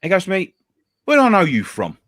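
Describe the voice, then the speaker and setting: A man telling a story in casual show chat, animated, stammering and repeating words, swearing freely and acting out others' lines. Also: sits high, fairly quick, no room sound, studio quality. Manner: acts out other people's lines in a raised voice. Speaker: show co-host.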